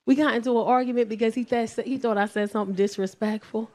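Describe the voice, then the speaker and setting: A brash woman in her forties with a New York accent, telling a profane stand-up set with loud bursts. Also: fairly high pitch, fairly even intonation, quick pace, few pauses. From South Bronx, New York. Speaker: stand-up comedian.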